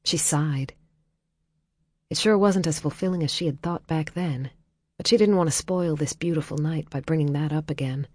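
A woman reading a novel aloud as audiobook narrator in a calm, measured way, dropping soft in tender passages. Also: low voice, dry recording, clean studio sound. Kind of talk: scripted narration.

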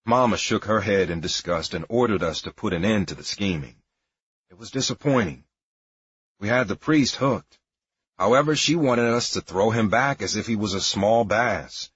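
Low, husky man reading a memoir. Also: expressive, normal speed, a bit bright, no echo. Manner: wry, matter-of-fact storytelling. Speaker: narrator. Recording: dry, dull lo-fi recording.

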